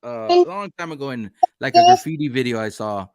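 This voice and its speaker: A man's voice: medium pitch, brisk. A man hosting a casual podcast chat, laid-back and swearing freely. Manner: laid-back, profane, animated delivery. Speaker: podcast host.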